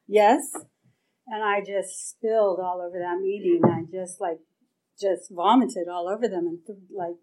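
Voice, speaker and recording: A woman's voice: medium pitch, fairly even intonation, normal speed, a little mellow, poor audio. A middle-aged woman speaking at a recovery meeting, telling her story candidly with swearing and acting out her own past reactions. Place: meeting hall.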